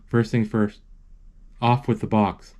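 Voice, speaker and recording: A man's voice: fairly low pitch, level tone, slow pace, a little mellow. A man reading a bossy young girl. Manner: instructive, bossy.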